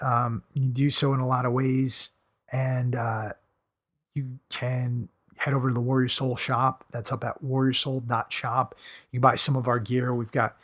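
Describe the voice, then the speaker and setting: A man hosting a podcast, talking in an emphatic motivational monologue and repeating phrases for stress, his voice hoarse and fading. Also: mid-range voice. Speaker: podcast host.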